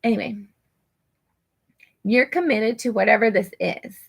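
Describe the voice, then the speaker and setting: Gravelly-voiced woman reading tarot. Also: on the high side, unhurried. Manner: rambling, full of "like" and restarts. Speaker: tarot reader. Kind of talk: casual personal tarot reading. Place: her apartment.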